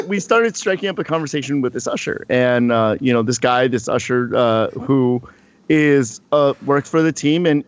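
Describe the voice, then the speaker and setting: Rambling man, slightly muffled recording. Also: mid-range voice. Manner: rambling, many restarts and fillers. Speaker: podcast co-host. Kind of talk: casual storytelling chat.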